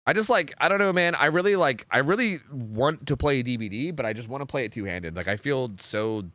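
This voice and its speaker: A man's voice: medium pitch, animated, fairly quick, fairly bright tone, no echo, clean studio sound. A young man streaming and chatting casually, rambling with lots of fillers and casual swearing. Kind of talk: casual chat on a game stream.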